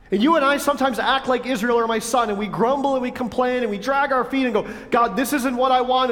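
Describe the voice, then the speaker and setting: High-voiced man preaching in a reverberant hall. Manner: animated preaching, acting out God's voice and listeners' objections. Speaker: pastor. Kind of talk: sermon.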